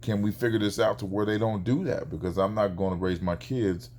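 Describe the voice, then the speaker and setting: Animated man retelling a neighbor dispute. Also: on the low side, fairly quick, slight background noise. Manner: animated, acts out quoted exchanges. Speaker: father telling a neighbor story. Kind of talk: casual vlog storytelling.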